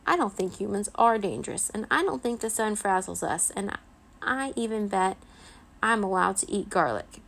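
A woman's voice: mid-range voice, animated, moderate pace, vocal fry, a bit bright, poor audio. A woman voicing Vlad, an anxious but earnest young boy vampire in a storybook read-aloud, speaking eagerly. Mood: determined.

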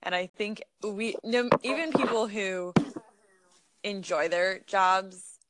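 A woman's voice: mid-range voice, takes it slowly, background noise. A young woman hosting a podcast, chatting casually, asking questions and laughing along. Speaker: podcast host. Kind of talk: casual chat.

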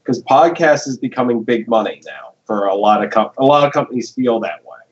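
A man's voice: mid-range voice, animated, a little fast. A man co-hosting a podcast, making wry, offhand remarks in casual chat. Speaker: podcast co-host. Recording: dull lo-fi audio.

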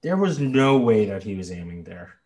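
A man co-hosting a casual sports podcast, animated and exasperated, swearing freely. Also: on the low side, moderate pace, crowd noise. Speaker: podcast co-host. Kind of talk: casual chat.

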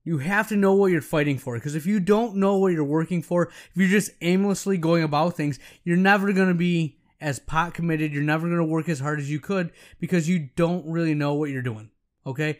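A man's voice: on the high side, fairly quick. A middle-aged man hosting a podcast for optometrists, giving casual business advice in a coaching manner and checking in with "right?" and "okay?".

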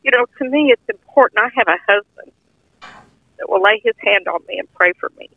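A woman's voice: medium pitch, brisk, gravelly, dry recording. An older woman earnestly telling a heartfelt personal testimony in plain, informal speech. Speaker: guest sharing a testimony. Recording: tinny phone-line audio, dry.

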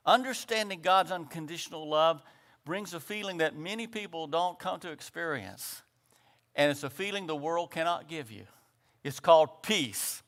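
A man preaching a sermon, swinging between loud exhortation and quiet reflection and calling out "Amen" to the congregation. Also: fairly high pitch, lively intonation, normal speed.

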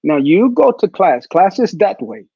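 A woman's voice: fairly low pitch, big pitch swings, a little slow, gravelly, slightly rough, no echo, lo-fi sound, full character voice. A man voicing a stern, motherly older school lunch lady who gives firm, tender commands.

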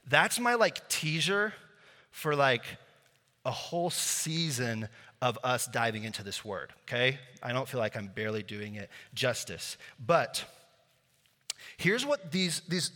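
A man preaching a sermon, conversational and joking, lively with his congregation. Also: mid-range voice. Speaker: pastor. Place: church sanctuary. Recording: reverberant church hall.

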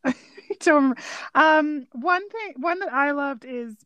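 A woman with a slightly high voice chats casually about a favourite film. She is animated and laughs often, acting out bits of dialogue, and the sound is dry and close to the mic. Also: measured pace, dry recording, dull audio.

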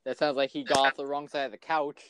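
A man's voice: medium pitch, level tone, quick pace, a bit bright, a little hiss or hum. A young man co-hosting a casual podcast, teasing a friend with lots of laughter and stumbling restarts. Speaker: podcast co-host.

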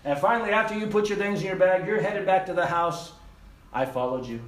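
A missionary preacher with a high-pitched, animated voice speaks fairly quickly to his congregation, acting out voices and laughing through an illustration story that draws in audience participation. He's away from the mic in an echoey room, with a little hiss or hum.

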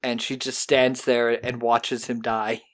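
Brief: casual podcast host, mid-pitched, lively recap with quick put-on voices, swears freely. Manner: animated retelling with quick put-on character voices, profane.

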